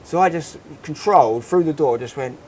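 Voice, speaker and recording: A man in his thirties, co-hosting a casual podcast and telling a story in an animated, rambling way. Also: a little high, moderate pace. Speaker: podcast co-host. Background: faint outdoor holiday ambience.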